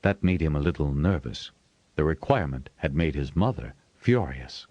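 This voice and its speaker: A man narrating an audiobook in a measured storytelling manner, shifting his voice for the characters. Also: a bass voice, expressive, darkish tone, no room sound, lo-fi sound. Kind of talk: scripted narration.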